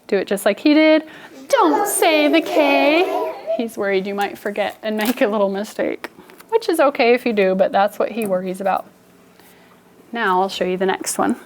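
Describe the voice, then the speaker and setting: A woman teacher giving a phonics lesson in a classroom, speaking slowly and enunciating every sound deliberately. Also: medium pitch, noisy background.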